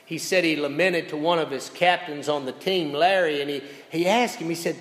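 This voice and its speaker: Storytelling pastor in an echoing church. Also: male voice, on the high side, fairly even intonation, moderate pace. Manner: storytelling with big swings between loud and hushed. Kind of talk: sermon. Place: church sanctuary. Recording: echoey church hall sound.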